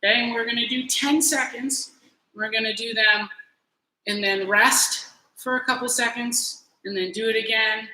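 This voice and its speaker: A woman leading a virtual beginner gymnastics class, encouraging kids through warm-up drills, out of breath as she goes. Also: a little high, steady tone, moderate pace. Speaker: gymnastics coach. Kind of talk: virtual fitness class instruction. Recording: very echoey room, faint noise.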